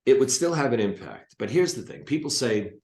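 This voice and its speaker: A man's voice: mid-range voice, animated, a little fast, a little mellow, echoey room. A male hypnotist and coach, a guest talking on a video call from his office, explaining things emphatically with blunt asides. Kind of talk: casual spoken teaching.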